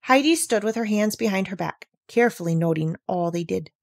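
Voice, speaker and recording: A woman reading a classic children's story aloud with gentle, careful storytelling. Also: lowish voice, fairly quick, creaky, hardly any pauses, no echo, studio quality. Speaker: reader. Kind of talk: storybook read-aloud narration.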